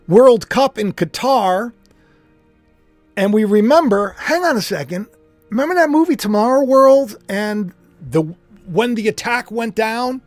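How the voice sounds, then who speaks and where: A man with a high-pitched voice hosts a casual, speculative monologue and rambles to his viewers, restarting sentences and drifting into asides. The sound is dry and close to the mic, with faint music underneath. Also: no echo. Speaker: host.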